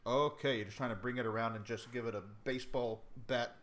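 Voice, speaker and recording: A man's voice: mid-range voice, fairly even intonation, fast, a bit bright. A man running a tabletop game as game master, asking players questions and often restarting his phrases. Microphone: home mic on a live stream.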